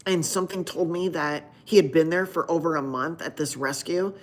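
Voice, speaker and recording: Low-voiced woman chatting on a livestream. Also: moderate pace. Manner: rambling storytelling with many restarts. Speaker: doctor hosting a live Q&A stream. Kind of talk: casual chat with live viewers.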